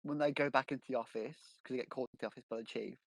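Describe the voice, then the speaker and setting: A man's voice: mid-range voice, steady tone, racing, vocal fry, no room sound, low-quality recording. A man co-hosting a podcast, chatting about a film and laughing easily. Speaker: podcast co-host. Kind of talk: casual film discussion.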